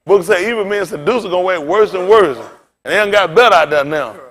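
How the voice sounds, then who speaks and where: Higher-voiced male pastor, preaching loosely. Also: lively intonation, a little fast. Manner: casual preaching with big swings in pitch and loudness; talks directly to the congregation. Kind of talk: sermon.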